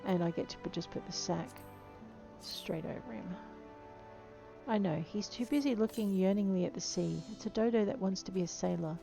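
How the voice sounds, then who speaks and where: A woman's voice: mid-range voice, moderate pace, gravelly, over music. A woman chatting playfully through her video game, talking to the creatures she meets. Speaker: game player. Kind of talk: let's play commentary.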